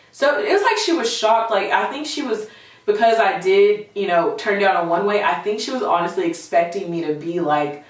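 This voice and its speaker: A young woman vlogger recounts a personal story in a candid, chatty manner, her voice sitting a little low. She sounds set back from the mic, in a very echoey room. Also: recorded from a distance. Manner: candid, chatty, animated retelling with lots of fillers.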